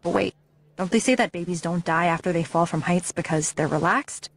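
A woman's voice: fairly low pitch, steady tone, moderate pace. A woman narrating a memoir audiobook with intense, emotionally charged reading.

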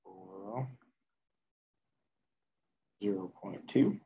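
A man teaching a chemistry class, working through math slowly out loud and correcting himself as he goes. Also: sits low, slightly rough, phone-quality sound. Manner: slow, thinking aloud while working math at the board, self-correcting. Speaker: chemistry instructor. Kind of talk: classroom lecture.

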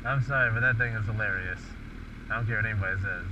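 A man's voice: on the low side, fast talker. A man giving casual, laughing commentary while riding along outdoors, swearing and exclaiming with amusement. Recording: lo-fi with loud road noise.

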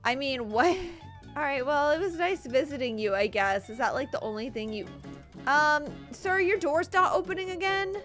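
A young woman giving chatty, giggly gameplay commentary with loud reactions. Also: high-pitched, moderate pace, soft background music. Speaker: gaming video host.

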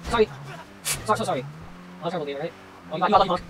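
A man commentating over his gameplay as a taxi driver, swearing constantly and swinging between furious yelling and low muttering. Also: very fast, vocal fry, background noise. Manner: profane, swings from rage-filled yelling to muttering. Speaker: gamer playing a taxi driver. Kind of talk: let's-play commentary.

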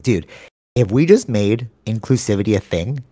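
A man's voice: fairly low pitch, lively intonation, normal speed, mellow, slightly rough, no echo. A sleep-deprived young man co-hosting a podcast, rambling in casual slang and calling his friend bro. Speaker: podcast co-host. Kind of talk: casual chat. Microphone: studio microphone.

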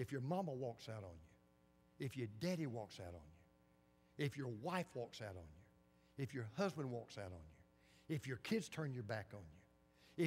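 A man's voice: fairly high pitch, fairly bright tone, husky. A male pastor preaching a sermon in a church, telling a story with dramatic repetition. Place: church sanctuary. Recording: long church reverb.

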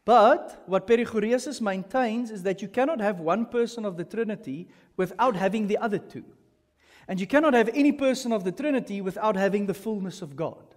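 A man preaching a sermon as pastor, teaching in an animated way and turning often to the congregation with asides. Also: sits high, brisk. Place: church hall. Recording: long reverb of a church hall.

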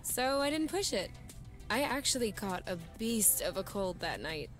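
A woman's voice: mid-range voice, big pitch swings, moderate pace, faint music behind, close to an everyday voice. An actress playing an easygoing, teasing young woman in a video game, a runaway living with her partner. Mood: fond. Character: young woman on the run with her lover, upbeat.

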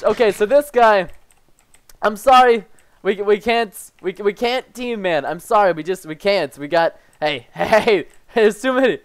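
A man giving excited gameplay commentary as a gaming YouTuber, excitable, jumping between hushed asides and loud yelps. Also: high-pitched, normal speed, clear, resonant tone.

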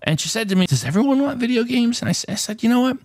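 A man's voice: very high-pitched, very animated, racing, a little mellow, dry recording. A middle-aged man hosting a video about collecting retro games, telling stories in a chatty, casual way with fillers and restarts. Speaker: retro game collecting host. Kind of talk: casual storytelling to camera.

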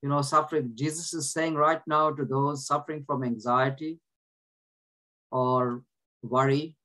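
In a low-quality recording, a prayer group leader with a medium-pitched, fairly even, sharp-toned voice reads scripture and teaches unhurriedly and earnestly. He frequently restarts what he's saying and has listeners repeat verses after him.

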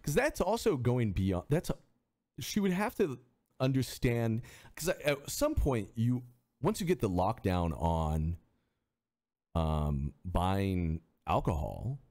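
A male streamer in casual chat, animated, swearing freely and often restarting his sentences. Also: on the low side.

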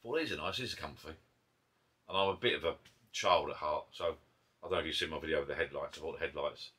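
A man's voice: extremely low pitch, steady tone, brisk, pushed and bright, husky. A man with an Essex accent chatting casually over beers in his garden pub shed, rambling and breaking off mid-thought. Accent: Essex English. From Essex, England. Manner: rambling, chatty, self-interrupting. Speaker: vlogger. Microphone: camera mic.

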